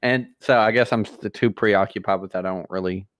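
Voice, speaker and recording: A man player in a tabletop game with a lowish voice. He talks loudly and excitably, swearing freely as he reacts. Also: brisk, dry recording. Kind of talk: casual tabletop play.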